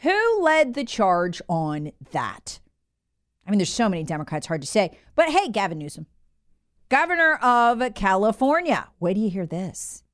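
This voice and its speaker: Animated, sarcastic woman commentator. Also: mid-range voice, normal speed. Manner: sarcastic and mocking, animated storytelling. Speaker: host of a political commentary show. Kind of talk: opinionated political commentary.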